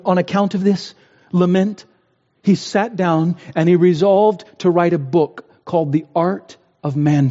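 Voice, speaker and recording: A man's voice: high-pitched, dark tone. A man preaching a sermon, earnest and building to impassioned pleas. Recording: dull, roomy hall sound.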